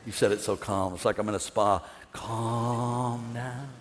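A middle-aged man preaching a sermon as pastor, animated, swinging from loud excitement down to hushed calm. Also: fairly low pitch, fast talker, a little hiss or hum. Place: large church hall with an audience. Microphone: wireless stage mic. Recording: long hall reverb.

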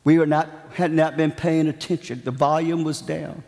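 A man's voice: a little high, fairly even intonation, normal speed, a little mellow, long reverb tail. A man preaching a sermon, telling a story with dramatic, emphatic repetitions.

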